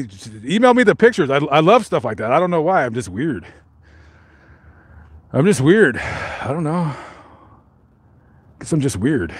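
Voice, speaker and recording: A man hosts a live stream, working through viewer comments in a loose, joking ramble that keeps doubling back on itself. His pitch swings widely from phrase to phrase. The sound is dry and close, with no room echo. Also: breathy edge. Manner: rambling, joking, lots of fillers and restarts. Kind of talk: casual live chat, reading viewer comments.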